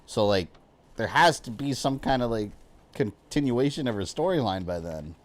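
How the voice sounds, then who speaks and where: A man streams a video game live as a gaming streamer, chatting loosely with viewers, full of fillers and frequent laughter. His medium-pitched voice is animated at a moderate pace, with a little hiss or hum in the audio.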